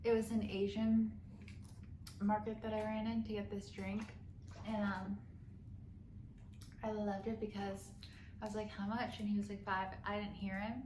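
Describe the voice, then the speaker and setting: A woman's voice: mid-range voice, completely flat delivery, moderate pace, pauses often, dark tone. A young woman vlogging casually on her phone, chatty and tired, often laughing. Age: young adult. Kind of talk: casual vlog. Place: city street outdoors, later indoors in a room. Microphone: handheld phone. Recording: noisy street, echoey.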